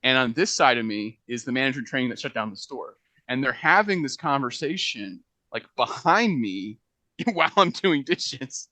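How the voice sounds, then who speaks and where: A young man spins a work story for a podcast, animated and quick to laugh. His tone is bright and pushed forward, recorded dry and close with no room sound. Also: medium pitch, no room sound. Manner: animated anecdote-telling, laughing often, acting out quotes. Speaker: podcast co-host. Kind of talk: casual storytelling chat.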